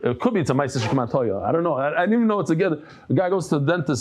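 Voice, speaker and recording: A man's voice: fairly high pitch, rapid-fire. A man giving a daily Talmud class, telling stories and jokes with many restarts and Yiddish terms. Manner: animated storytelling with frequent restarts and Yiddish terms; humorous asides and jokes. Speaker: Talmud teacher.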